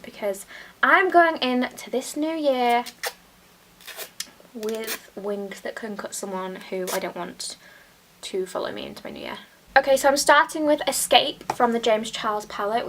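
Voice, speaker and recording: A young British woman chatting casually while doing her makeup, often dropping into soft whispers. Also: fairly high pitch, a little hiss or hum. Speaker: beauty vlogger. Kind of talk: casual get-ready-with-me chat.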